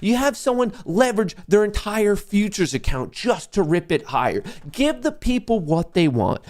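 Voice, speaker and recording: A young man hosting a live market stream, ranting in a loud, profane and sarcastic way. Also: sits high, big pitch swings, moderate pace, hardly any pauses. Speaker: livestream host. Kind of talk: live market commentary rant.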